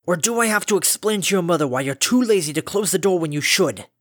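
A man's voice: mid-range voice, expressive, moderate pace, no room sound, clean studio sound, natural voice. A man voicing a stern old male pony farmer in a storybook reading, speaking with a scratchy, lethargic drone and formal curtness. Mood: scolding. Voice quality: scratchy, droning.

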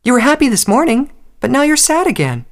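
A man's voice: very high-pitched, wildly swooping pitch, a little fast, pitched above the performer's own voice, exaggerated voice. A man voicing a sad, insistent little pony filly in a storybook reading, pouting and pleading.

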